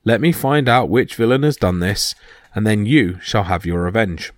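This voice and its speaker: Male narrator doing scheming trickster god, smooth and cunning, dry. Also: on the low side, animated, normal speed, no room sound, lightly acted. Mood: sly.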